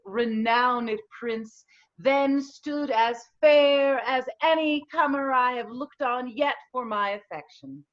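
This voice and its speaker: A woman reading a poised, formal noble lady in an amateur play reading, speaking verse in a measured way. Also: high voice. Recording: muffled lo-fi audio.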